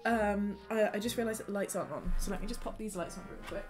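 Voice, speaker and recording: Chatty girl on a cozy home game stream, bubbly, says hi to everyone, mid voice, game music going loud behind. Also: medium pitch, fast talker. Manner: bubbly, chatty, greets viewers by name. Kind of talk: casual live-stream chat while gaming.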